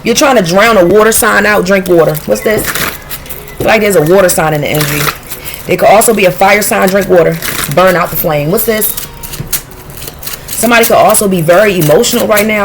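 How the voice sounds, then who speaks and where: A woman giving a casual intuitive tarot reading, blunt and profane, talking in a streetwise, animated way. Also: mid-range voice. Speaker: tarot reader.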